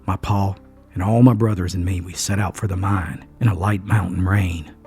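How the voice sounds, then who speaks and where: Gravelly storyteller man. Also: sits low, steady tone, normal speed, darkish tone, faint music behind. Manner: earnest, dramatic. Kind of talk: scripted first-person story narration.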